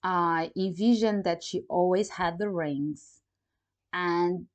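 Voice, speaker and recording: Lively woman telling a personal story. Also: lowish voice, takes it slowly. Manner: animated, acts out quoted dialogue; non-native phrasing, fillers like "you know, like". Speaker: vlogger. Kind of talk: casual storytelling to camera.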